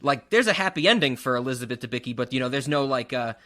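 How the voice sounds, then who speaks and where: A man's voice: medium pitch, lively intonation, fast talker, fairly bright tone. A man co-hosting a film podcast, rambling casually with lots of fillers and frequent laughs. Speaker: podcast co-host. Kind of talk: casual chat.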